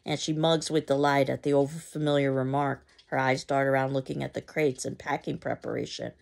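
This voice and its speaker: A woman's voice: extremely low pitch, flat delivery, a little fast, creaky, a little mellow. A woman explaining a play to a class and reading its stage directions aloud, with frequent fillers.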